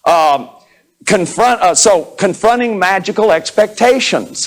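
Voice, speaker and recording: A man in his fifties giving a lively lecture on therapy, acting out examples, laughing often and restarting his sentences. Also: on the high side, moderate pace, poor audio. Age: 50s. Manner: repeats words, restarts sentences. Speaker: therapist lecturing on inner child work.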